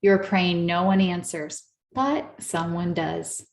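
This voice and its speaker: A woman therapist giving an earnest, coaching talk to a live audience, slowing down to stress her points. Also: on the low side, expressive, roomy sound, a little hiss or hum. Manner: earnest, coaching, slows down for emphasis. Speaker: therapist and speaker.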